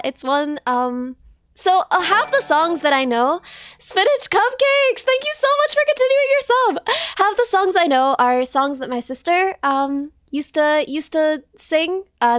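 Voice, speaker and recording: Woman, high voice, slightly hoarse, chatty livestreamer, playful, dry close sound. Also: fairly bright tone, no echo. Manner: chatty and playful, thanking viewers and laughing at herself. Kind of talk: casual livestream chat with viewers.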